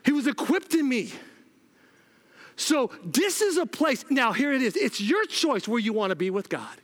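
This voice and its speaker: A man's voice: very high voice, big pitch swings, moderate pace, a bit bright. A man preaching a sermon, urgently repeating "listen" to the congregation and telling personal stories with acted-out dialogue.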